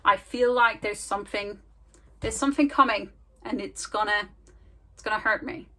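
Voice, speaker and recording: A woman's voice: mid-range voice, moderate pace, sharp tone, rough recording. A young woman in a casual reading vlog, talking chattily and with self-mocking humor from home into a handheld camera. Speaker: book vlogger.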